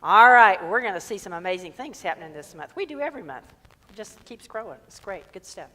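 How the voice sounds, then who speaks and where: A woman's voice: mid-range voice, very animated, a little fast, sharp tone. A woman minister giving a conversational sermon, joking and asking many rhetorical questions. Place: church sanctuary. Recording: long reverb in a hall.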